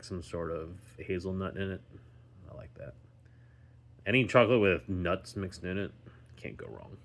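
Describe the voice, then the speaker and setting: A man talking casually in a daily vlog, rambling slowly with many ums and restarts while recovering at home and sounding tired. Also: deep voice, a bit bright. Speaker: vlogger.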